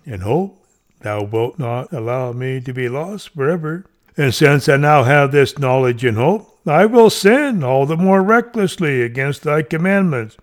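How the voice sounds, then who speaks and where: A man reading an old devotional sermon aloud in a solemn, emphatic way, lifting his voice on each turn of the argument. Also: mid-range voice. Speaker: reader of a devotional text.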